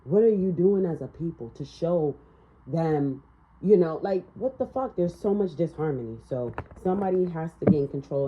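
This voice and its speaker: A woman's voice: normal speed, slight background noise. A woman giving a casual tarot reading, blunt and profane, ranting and laughing as she talks. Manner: animated, swinging up and down in pitch. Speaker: tarot reader. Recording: slightly dull, lo-fi sound.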